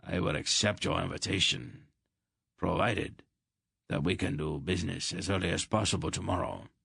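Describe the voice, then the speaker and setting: A man's voice: low voice, normal speed, creaky, sharp tone, husky, no echo, clean studio sound, exaggerated voice. A man voicing a cold, scar-faced foreign merchant with a heavy accent in an audiobook. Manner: cold, terse.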